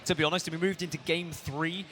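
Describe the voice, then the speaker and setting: A bright, slightly high-pitched man steers the conversation and passes questions along to his co-hosts. His voice rings out with a long hall reverb, and faint music plays underneath. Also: fairly even intonation, fast, a little hiss or hum. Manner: leads the talk, handing questions to analysts. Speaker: esports show host. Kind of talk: hosting an analysis desk.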